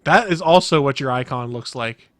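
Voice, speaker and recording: A man's voice: mid-range voice, moderate pace, no echo, clean studio sound. A man co-hosting a podcast in casual chat, wry and mock-exasperated. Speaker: podcast co-host.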